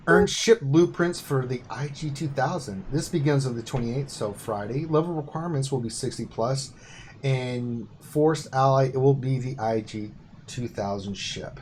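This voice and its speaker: A man's voice: mid-range voice, normal speed, darkish tone, a little hiss or hum. A man co-hosting a casual gaming live stream, reading update notes aloud with joking asides. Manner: reads patch notes aloud, then jokes and asides.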